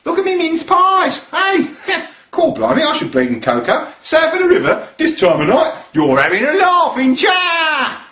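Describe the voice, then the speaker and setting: A man voicing a loud, rowdy Cockney geezer who talks in brash street slang, with a Cockney accent. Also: extremely high pitch, huge pitch swings, moderate pace, reverberant, recorded from a distance, voice pushed up, exaggerated voice.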